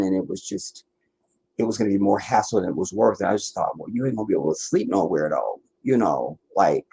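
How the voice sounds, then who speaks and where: A weary man from the Washington DC area talks to his livestream in a loose, meandering way, doubling back and trailing off. His voice is husky and breathy, and his pitch sits in an ordinary middle range. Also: mellow. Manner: meandering, many restarts and asides. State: tired, worn out. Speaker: livestream host. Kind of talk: rambling casual chat.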